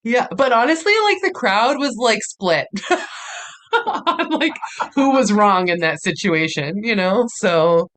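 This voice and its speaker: A woman's voice: medium pitch, animated, slow pace, fairly bright tone. A woman comedian, a podcast guest, telling a story in a casual, rambling way full of "like". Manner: rambling, many "like" fillers.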